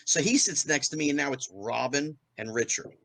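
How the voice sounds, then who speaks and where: A man in his fifties from New Jersey, a guest in an interview, telling a fast anecdote and acting out the quotes with big jumps in pitch. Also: fairly bright tone, dry recording. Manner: fast storytelling with acted-out quotes, rising pitch on punchlines. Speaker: guest, former child actor.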